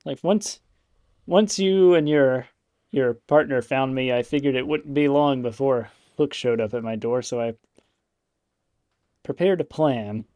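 A man doing a huge, unhurried old hermit. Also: mid-range voice, warm tone, no room sound, studio quality, close to an everyday voice. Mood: dry, calm.

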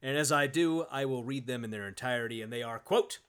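A man's voice: mid-range voice, a little fast, fairly bright tone, clear, resonant tone. A man co-hosting a podcast, chatting casually and reading book passages aloud with sardonic asides. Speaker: podcast co-host.

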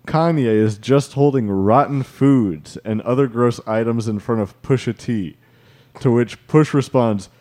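A man hosting a podcast with casual, laid-back delivery. He reads news items aloud at a middling pitch, loose and unhurried. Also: mellow. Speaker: podcast host.

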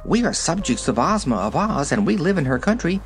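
A man voicing a pompous male white rabbit gatekeeper in a storybook, sharp and officious. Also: a little high, sing-song, brisk, faint music behind, pitched above the performer's own voice.

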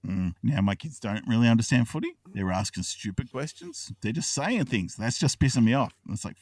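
A man in his thirties with an Australian accent, an excitable podcast co-host who tells a long story, swears and laughs often. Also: mid-range voice, a little fast, no room sound, recorded from a distance. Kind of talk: casual chat.

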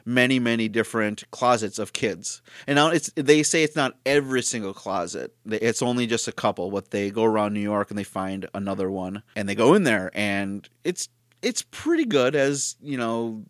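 Low-voiced man rambling through a review. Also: no room sound, studio quality. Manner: rambling, self-correcting, chuckles often. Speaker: host. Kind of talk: casual retro cartoon review.

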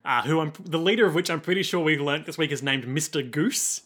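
A man co-hosting a casual recap podcast. He talks in a chatty, explanatory way and laughs easily. His voice sits a little higher than most men's. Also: fairly quick, fairly bright tone. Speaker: podcast co-host. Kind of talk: casual chat recapping an anime.

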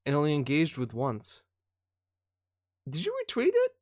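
A man co-hosting a live stream, chatting casually in a jokey, animated way. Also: on the high side, no room sound, studio quality. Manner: jokey, animated, quick to laugh. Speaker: stream co-host. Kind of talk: casual chat.

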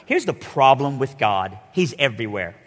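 Animated male preacher in a reverberant hall. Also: medium pitch, normal speed. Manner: storytelling, animated, acts out quoted voices. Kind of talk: sermon.

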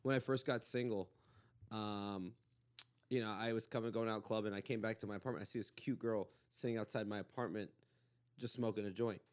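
Podcast host, male, from Los Angeles, rapid-fire rambling storyteller, laughs a lot. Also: lowish voice, steady tone. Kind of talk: casual chat, storytelling.

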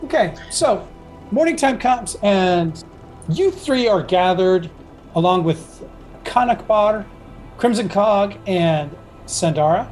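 High-voiced man running a tabletop game. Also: animated, slow pace, darkish tone, soft background music, poor audio. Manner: rambling, full of fillers and restarts. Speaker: game master.

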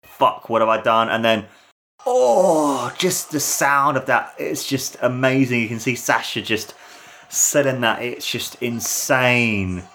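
A young man giving an excited watch-along commentary and review of a wrestling match, gushing and enthusiastic, with lots of fillers. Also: mid-range voice, slow pace, slight background noise.

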